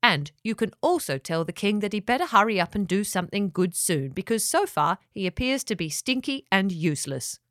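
A woman's voice: mid-range voice, sing-song, fairly quick, hardly any pauses, fairly bright tone, no echo, clean studio sound. A woman voicing an annoyed young man who complains firmly and bluntly.

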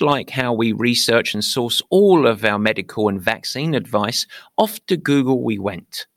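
British male podcast host, gravelly and dry-sounding, playful and theatrical. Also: medium pitch, lively intonation, normal speed, fairly bright tone, dry recording. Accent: British English. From England. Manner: playful, theatrical, mock-indignant. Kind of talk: upbeat podcast monologue.

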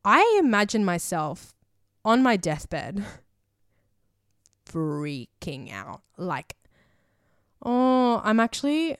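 A woman's voice: on the low side, sing-song, very slow, pauses often, clean tone, no room sound, studio quality. A woman hosting a solo podcast, talking in a rambling, emotional way full of fillers and casual swearing. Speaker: podcast host.

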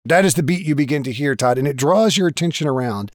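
A man's voice: on the high side, lively intonation, fast, no room sound. Dry, playful game-master voice, man. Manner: profane, playful dramatic narration. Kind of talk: narrating a tabletop game.

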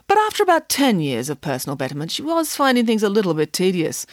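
A woman's voice: medium pitch, wildly swooping pitch, fast, no echo, clean studio sound. A woman voicing a bossy, boastful female pig nanny with a confident, indignant way of telling stories. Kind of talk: audiobook character voice.

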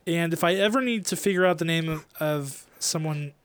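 A man's voice: on the high side, fairly quick, smooth, no room sound. A man co-hosting a podcast, running a playful quiz game and teasing his co-host while building suspense. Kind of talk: casual podcast chat.

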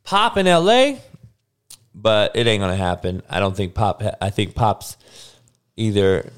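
Profane, animated male sports podcaster. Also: on the low side, a little slow, clear, resonant tone. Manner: profane, blunt, talks back to live chat. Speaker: podcast host. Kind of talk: casual sports rant.

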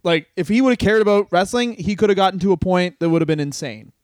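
A man's voice: high-pitched, animated, fast, no echo. A man co-hosting a podcast, talking in a loose, profane, rambling way and laughing often. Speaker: podcast co-host. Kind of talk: casual podcast chat.

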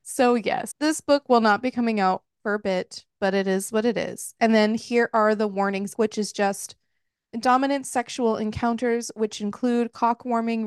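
On a podcast, a woman co-hosts a laid-back book review, recapping the story chattily while she swears freely and laughs. She has a smooth, slightly high voice, captured in a dry studio-quality recording.

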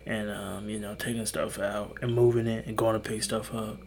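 A tired young man hosting a solo podcast, talking in a hushed, half-whispered way, rambling and swearing with little laughs. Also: fairly low pitch, level tone, normal speed, vocal fry, slight background noise. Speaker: podcast host. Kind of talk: solo late-night podcast monologue.

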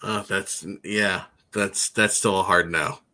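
Man, bright voice, dry short replies, casual sports chat. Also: low voice, steady tone, slow. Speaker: podcast co-host.

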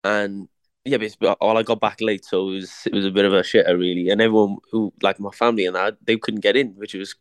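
A man's voice: on the low side, little pitch movement, quick pace, clean tone, dry recording. A young man, a boxer, chatting casually in an interview, slangy and repeating words as he tells his story.

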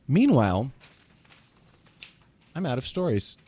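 A man's voice: medium pitch, wildly swooping pitch, slow, mellow, slight background noise. A man in his forties from New Jersey, co-hosting a podcast in casual chat, chatty and irreverent, swearing freely. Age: 40s. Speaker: podcast co-host.

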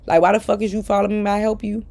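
A woman's voice: medium pitch, little pitch movement, very fast, darkish tone. Blunt, profane woman ranting. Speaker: social media personality. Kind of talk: casual rant to followers.

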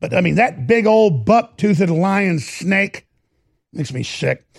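A man's voice: high-pitched, lively intonation, slow pace, vocal fry, dry recording, studio quality. A man with a Texan accent hosting opinionated political commentary, sarcastic and mocking. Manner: sarcastic, mocking, slips into put-on voices.

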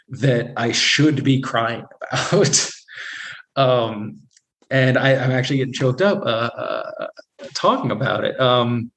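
A man's voice: mid-range voice, fairly bright tone, poor audio. A man in his thirties telling his personal recovery story candidly, with frequent restarts, fillers and small laughs. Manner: halting, many repeated starts and fillers, laughs often. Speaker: guest sharing recovery story.

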